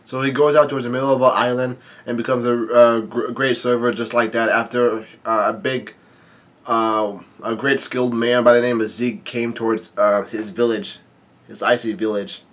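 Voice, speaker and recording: A man's voice: mid-range voice, little pitch movement, moderate pace, a bit bright. A man hosting a manga read-along, reading lines aloud and rambling through his commentary with many fillers and restarts. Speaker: manga reading channel host.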